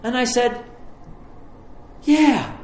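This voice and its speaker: A man preaching a sermon, telling a personal story with lively restarts and repetitions. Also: very high-pitched, very slow, reverberant, slight background noise, poor audio. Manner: storytelling, animated, stumbling restarts. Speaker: pastor.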